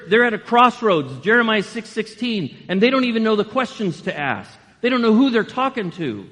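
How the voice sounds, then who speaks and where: A man in his sixties preaching a sermon in a conversational, animated way, full of rhetorical questions. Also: high voice, in a large hall. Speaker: pastor.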